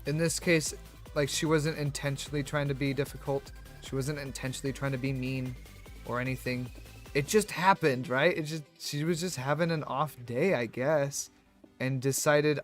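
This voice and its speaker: A man streaming, telling a story in a rambling, animated way with many restarts and fillers. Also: mid-range voice, normal speed, faint music behind. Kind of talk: casual storytelling on a live stream.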